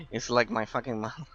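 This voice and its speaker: Guy streaming, bright forceful voice, keeps repeating himself and tripping over words. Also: medium pitch, dull audio. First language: Spanish. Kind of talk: casual stream chat with viewers.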